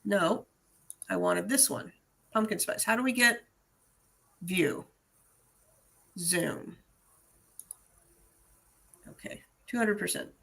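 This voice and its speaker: An American woman hosting a live online-selling Q&A in casual, animated chat, laughing often. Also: mid-range voice, takes it slowly, gravelly, long pauses.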